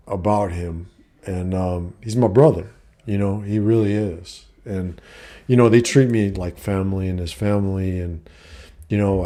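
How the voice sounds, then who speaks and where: A man's voice: lowish voice, mellow. A middle-aged man telling a personal story in a casual vlog, blunt and profane, with lots of fillers. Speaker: vlogger giving life advice.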